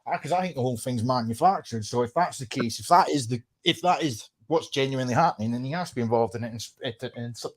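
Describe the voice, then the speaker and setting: A man's voice: mid-range voice, fast talker, hardly any pauses. A Scottish man hosting a casual chat, rambling and sweary, with heated remarks.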